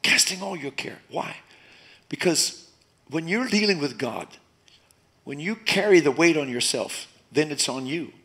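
Pastor preaching with swings of loudness. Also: male voice, fairly high pitch, measured pace. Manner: animated preaching, rising loud and dropping to soft. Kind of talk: sermon.

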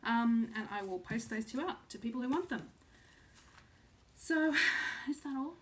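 A woman's voice: fairly high pitch, animated, measured pace, a little hiss or hum. Chatty woman in her thirties from Australia. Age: 30s. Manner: chatty, filler-heavy, second-guessing herself. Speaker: cross-stitch vlogger. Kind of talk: casual chat to camera.

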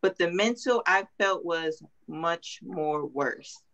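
A young woman on a video call, earnestly telling her story as an interview guest and often pausing with ums. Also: lowish voice, lively intonation, a bit bright, highs cut off. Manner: earnest, hesitant with many ums. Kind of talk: emotional interview testimony.

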